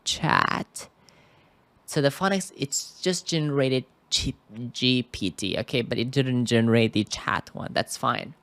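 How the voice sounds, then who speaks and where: A man's voice: medium pitch, animated, moderate pace, vocal fry, hardly any pauses, a bit bright, dry recording. A man teaching English in a screen-recorded tutorial, talking hesitantly and often checking in with the listener. He records indoors at a computer microphone. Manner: hesitant, keeps checking in with "okay?".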